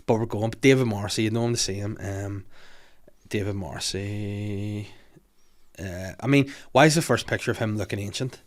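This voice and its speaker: A man, hosting a casual podcast chat and retelling scenes with lively acted-out voices. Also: fairly low pitch, normal speed. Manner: animated storyteller acting out scenes. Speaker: podcast host.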